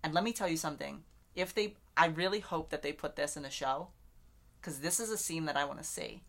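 A woman's voice: low voice, brisk. A woman co-hosting a casual book podcast, recapping chapters in a chatty way full of "like" and "literally". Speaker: podcast co-host.

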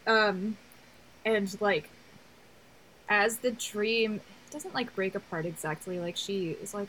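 A woman's voice: medium pitch, slow, fairly bright tone, slight background noise, rough recording. A young woman co-hosting a casual chat, thoughtful and detailed, with fillers. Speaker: podcast co-host. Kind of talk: casual chat about an anime.

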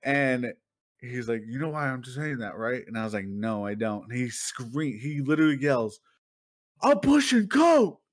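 A young man chatting casually as a podcast co-host, telling stories with lively acted-out outbursts and frequent laughter. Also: medium pitch, moderate pace. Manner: animated storytelling, acting out people with loud outbursts, laughs often. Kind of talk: casual chat.

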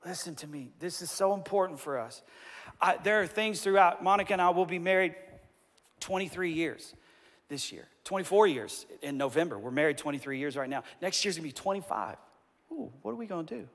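A man in his forties preaches from a stage, telling his stories with animated emphasis and humor at his own expense. His voice is high and bright. It echoes through a large, reverberant hall. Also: brisk. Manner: animated, emphatic storytelling, self-deprecating. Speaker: pastor. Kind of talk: sermon.

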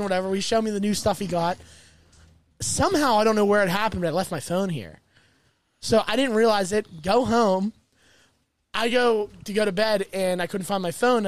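A man's voice: high voice, dry recording. A man hosting a casual podcast chat, telling a long story and swearing freely as he goes. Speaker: podcast host.

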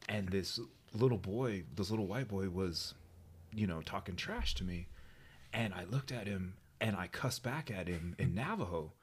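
Low husky male podcast co-host, casual storyteller, does voices for people in his anecdotes. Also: normal speed. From New Mexico, US. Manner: animated storyteller acting out quoted voices.

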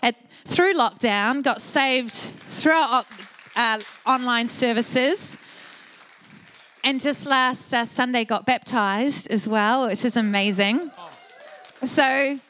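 A woman pastor with a slightly higher voice introduces guests in a church service. She speaks with eager enthusiasm and encouragement. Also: slow pace, a bit bright.

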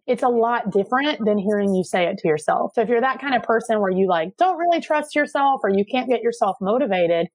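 A woman's voice: fairly high pitch, animated, brisk, few pauses, dry recording. A woman guest, a money and marketing coach, talking in a casual, encouraging way with plenty of "like" fillers. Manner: earnest, encouraging, lots of "like" fillers. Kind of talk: casual motivational interview talk.

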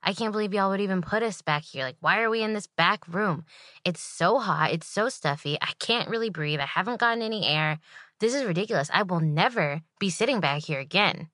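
A woman's voice: on the low side, expressive, brisk, fairly bright tone, no room sound, clean studio sound. A woman doing an entitled whiny customer. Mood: indignant. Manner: whiny, indignant complaining. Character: demanding entitled woman customer complaining loudly.

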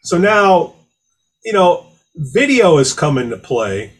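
A man who calls himself an old-school salesman, asking a direct, brisk question. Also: a little high, very animated. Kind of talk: casual conversation.

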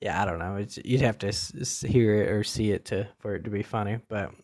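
A man's voice: lowish voice, a little fast, a little mellow. A man casually commenting on comedy dubs, rambling with many fillers, restarts and chuckles.

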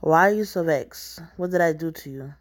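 A woman reading the lines of a young man, defensive and pleading, in a soft, plaintive, questioning way. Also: low voice, moderate pace, natural voice.

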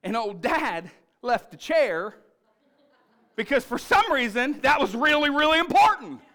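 A male pastor preaching a sermon, telling family stories in an animated, punchy way. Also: extremely high pitch, a little slow.

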